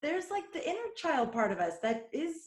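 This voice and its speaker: A woman's voice: sits high, very animated, normal speed. A woman hosting a podcast, chatting earnestly and sharing family stories. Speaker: podcast host. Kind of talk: casual podcast conversation. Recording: roomy echo.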